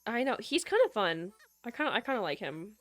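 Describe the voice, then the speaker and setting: A woman's voice: mid-range voice, very animated, brisk. Woman, young adult, Midwestern accent, rambling casual streamer chat, USB mic, faint lofi music behind. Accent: American Midwestern. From American Midwest. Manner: rambling, chatty, peppered with "like". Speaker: game streamer. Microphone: USB microphone. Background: soft lofi music.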